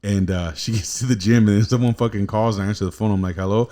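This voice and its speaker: A man's voice: lowish voice, steady tone, quick pace, warm tone. A man hosting a casual podcast chat, rambling and profane as he tells stories. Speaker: podcast host.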